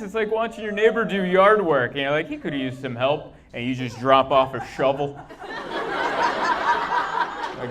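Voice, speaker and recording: A man in his thirties performing a stand-up comedy set, telling stories deadpan and acting out the quotes with sudden loud bursts. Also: a little high, moderate pace. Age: 30s. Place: comedy club stage. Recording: live club recording with audible background noise.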